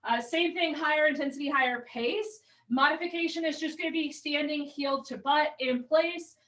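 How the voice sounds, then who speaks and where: A woman's voice: sits high, normal speed, a bit bright, distant mic, poor audio. A woman fitness coach leading an online workout class, cueing moves and counting down reps while a little out of breath. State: slightly out of breath. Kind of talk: live online workout instruction.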